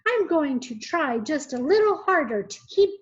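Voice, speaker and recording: A woman's voice: high-pitched, very animated, moderate pace, pitched above the performer's own voice. Figure: a tired, hardworking mailman who calls out and talks earnestly, done by a woman reading a storybook. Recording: muffled. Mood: hopeful.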